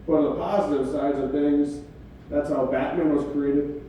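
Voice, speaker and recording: A man's voice: a little high, fairly even intonation, normal speed, a crowd in the background. A man doing a stand-up comedy set in a club, laid-back and swearing casually, chuckling at his own jokes. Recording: echoey club recorded from far off.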